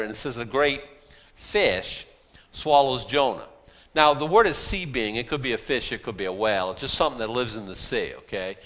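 A man's voice: on the low side, moderate pace, fairly bright tone. A man preaching a sermon in a folksy, self-deprecating way, full of rhetorical questions.

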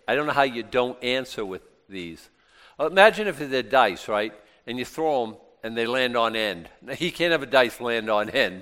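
Male Bible teacher, smooth resonant voice in a long-reverb hall, reads verses then drops into wry asides. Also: medium pitch. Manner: reads verses loudly, comments in asides, casual and sarcastic. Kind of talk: Bible study teaching, reading scripture aloud.

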